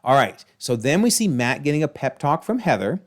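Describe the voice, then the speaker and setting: Lively man recapping a TV episode. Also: medium pitch, fairly quick. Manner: animated, exclaiming. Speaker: video host.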